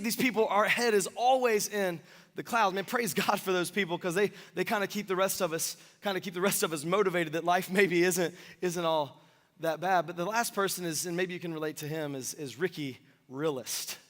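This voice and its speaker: A man in his thirties preaching a sermon as pastor, energetic and joking with the congregation in a church sanctuary. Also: high-pitched. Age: 30s. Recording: long church hall reverb.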